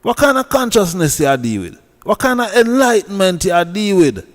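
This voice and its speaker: A man's voice: sits high, very animated, normal speed, big-room sound. A man with a Jamaican accent who scolds and preaches in a heated commentary rant, repeating himself. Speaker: online commentator.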